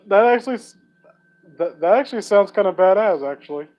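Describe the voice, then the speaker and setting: A man's voice: sits high, big pitch swings, moderate pace, poor audio. A young man reading fan fiction aloud for laughs, with sarcastic, profane asides. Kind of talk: comedic dramatic reading with commentary.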